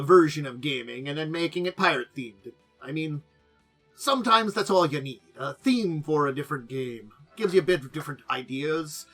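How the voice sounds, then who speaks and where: A man chatting casually as host of a tabletop gaming show. His voice sits a little high and rings bright and forceful. He rambles loosely, with fillers and trailing asides, over faint music. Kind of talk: casual chat about tabletop games.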